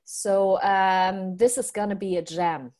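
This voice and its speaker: A woman's voice: mid-range voice, fairly even intonation, slow pace, a little mellow. A woman co-hosting a conference, casually walking through the schedule in an orderly way. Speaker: conference co-host. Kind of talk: casual chat.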